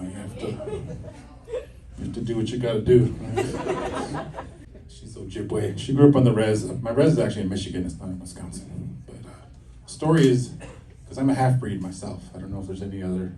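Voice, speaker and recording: A middle-aged man from the United States doing stand-up, telling self-mocking stories and acting out quick voices. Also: on the low side, warm tone, slight background noise. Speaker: stand-up comedian. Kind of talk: live stand-up comedy. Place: stage at a campus comedy show. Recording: distant live stage recording with audience laughter. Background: audience laughing.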